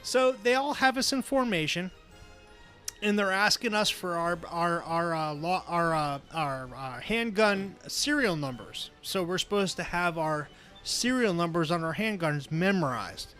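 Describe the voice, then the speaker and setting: A man co-hosting a casual podcast and telling stories in an animated, profane way. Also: high voice, unhurried, soft background music. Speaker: podcast co-host, former police officer.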